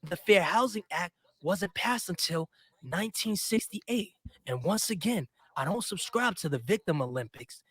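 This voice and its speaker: A man's voice: high voice, expressive, moderate pace, a bit bright, husky, no room sound. A man co-hosting a commentary show, giving blunt, opinionated takes. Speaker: co-host. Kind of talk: casual commentary.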